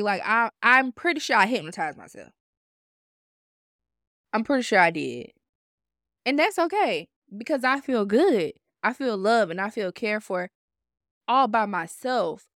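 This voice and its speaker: A woman in her twenties hosting a podcast, telling her story in a blunt, profane, animated self-help monologue. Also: fairly high pitch, no echo, clean studio sound. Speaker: podcast host.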